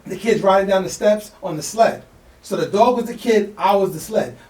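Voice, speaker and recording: A man co-hosting a podcast, telling a story in a fast, slangy, animated way and acting out the voices of people in it. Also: sits high. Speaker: podcast co-host. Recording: echoey room, mic at a distance.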